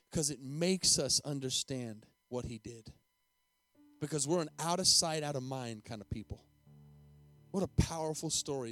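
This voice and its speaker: Dramatic storytelling pastor, dry sound. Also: male voice, fairly high pitch, dry recording. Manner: dramatic, emphatic, repeats himself. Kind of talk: sermon storytelling.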